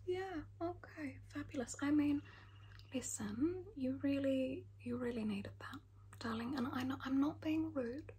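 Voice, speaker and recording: A man's voice: very high voice, a little mellow, slight background noise. A man voicing a rich, fussy Australian mother in a whispered role-play, doing someone's lashes with frank backhanded compliments. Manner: breathy whisper, calls everyone darling, frank backhanded compliments. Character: rich doting Australian mum, blunt and fussy. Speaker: lash artist character.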